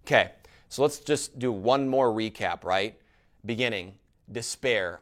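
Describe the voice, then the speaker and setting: A man preaching a sermon in a church. He is animated, asks the congregation questions and often adds "right?". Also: fairly low pitch, measured pace. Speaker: pastor.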